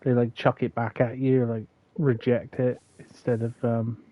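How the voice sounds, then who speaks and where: A man's voice: mid-range voice, level tone, normal speed, mellow, rough recording. A man streaming a farming game with a friend, chatting casually with joking, rambling asides. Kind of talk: casual gameplay chat.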